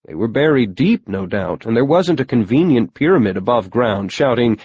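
A man reads a first-person adventure audiobook, telling it wryly and matter-of-factly. His voice sits at a middling pitch for a man. The recording sounds somewhat dull and lo-fi. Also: sing-song, normal speed, a little mellow, slightly rough, no echo. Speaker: audiobook narrator.

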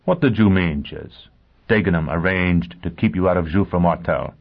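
A man's voice: low-pitched, normal speed, creaky. A man reading a blunt, hard hunter. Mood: probing. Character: hard, single-minded male hunter. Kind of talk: audiobook character voice. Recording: tinny phone-like sound.

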